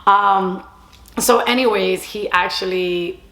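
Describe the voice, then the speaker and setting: A woman's voice: medium pitch, fairly even intonation, takes it slowly, pushed and bright. A young woman tells a personal story to camera in a chatty way, mixing Spanish phrases into her English. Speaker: storytime vlogger. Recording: roomy echo.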